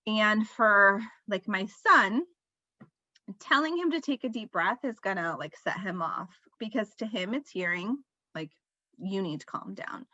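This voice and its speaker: Bright-voiced woman presenting a parenting webinar. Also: medium pitch, animated, measured pace, no echo. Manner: conversational and explanatory, gives relatable examples. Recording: slightly dull lo-fi, dry sound.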